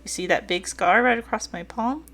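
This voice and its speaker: In a slightly high, somewhat bright voice at a moderate pace, a woman reads a dating game aloud while playing a folksy older male boat owner who likes to joke. She puts on a light Southern drawl, and her storytelling is teasing and folksy.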